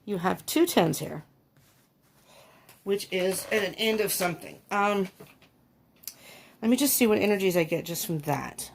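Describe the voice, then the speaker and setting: A woman's voice: medium pitch, unhurried, gravelly, pauses often, a little hiss or hum. A woman giving a casual tarot reading to her viewers, thinking aloud with many ums and laughing often. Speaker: tarot reader.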